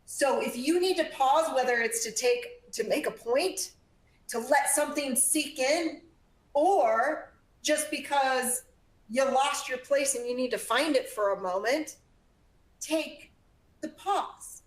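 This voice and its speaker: Emphatic female speaking coach, higher voice, roomy presentation hall sound. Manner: energetic and emphatic, varies volume and pace, uses pauses. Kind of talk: presentation to a live audience. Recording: echoey room.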